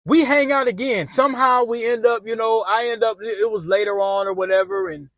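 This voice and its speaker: A man's voice: high-pitched, steady tone, a little fast, fairly bright tone, no echo. A man telling a personal story in a rambling, laid-back way, acting out quotes with slang. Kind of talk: casual storytime narration.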